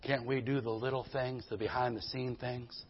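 A male pastor preaches in church with a mid-range, level voice at normal speed, using emphatic call-and-response and folksy storytelling asides. The sermon recording is dull and lo-fi, with a little hiss or hum.

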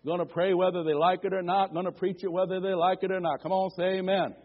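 High-voiced fervent male preacher. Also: level tone, fast talker. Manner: fervent preaching, calls for amens, repeated declarations. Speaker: pastor. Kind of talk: sermon. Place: church sanctuary. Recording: dull lo-fi church recording.

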